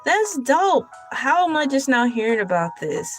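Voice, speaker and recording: A woman's voice: sits high, very animated, normal speed, soft background music. A young adult woman hosting a casual livestream, chatty and laughing often as she talks to her chat. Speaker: livestream host.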